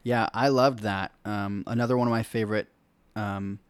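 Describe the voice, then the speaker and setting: A man in casual movie talk as co-host, excitable and quick to laugh. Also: on the low side, clear, resonant tone, dry recording.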